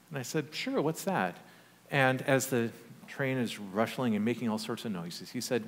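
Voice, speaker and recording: A man preaching a sermon, telling a personal story in a conversational, animated way with humorous asides. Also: mid-range voice, a little slow. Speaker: pastor. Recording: long church reverb.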